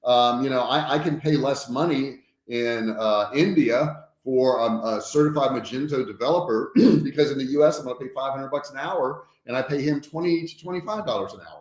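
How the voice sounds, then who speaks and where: A man's voice: mid-range voice, moderate pace, hardly any pauses, a little mellow. Frank man lecturing, echoey room. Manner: frank and emphatic, often tags points with "okay?". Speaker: business trainer hosting a livestream. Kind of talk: casual livestream talk. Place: home office.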